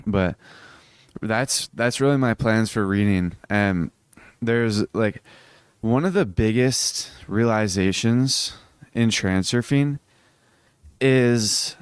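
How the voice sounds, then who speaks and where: A sleepy young man talks through a solo podcast, his voice low and smooth. He rambles with a lot of fillers and restarts, and it sounds close and dry with no room around it. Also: slow pace, dry recording. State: sleepy, yawning. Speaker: podcast host. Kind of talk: casual solo podcast monologue.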